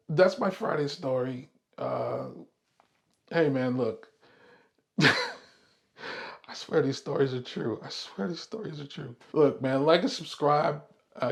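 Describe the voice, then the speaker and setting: A man's voice: fairly high pitch, a little mellow. A middle-aged man telling a casual, rambling story on his vlog, swearing freely and laughing along as he goes. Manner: rambling, profane, laughs often. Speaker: vlog host.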